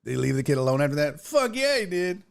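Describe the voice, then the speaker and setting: A man's voice: a little high, fast, gravelly, smooth. A man hosting a casual sports talk livestream, telling stories with lots of swearing and reading viewer chat aloud into a desk mic. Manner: profane, animated storytelling, reads chat aloud. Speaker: sports talk show host. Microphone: headphones and desk mic.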